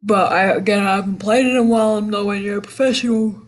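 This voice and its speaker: A woman's voice: medium pitch, fairly even intonation, quick pace. A woman hosting a casual solo gaming podcast, rambling and restarting her sentences in an offhand way. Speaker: podcast host.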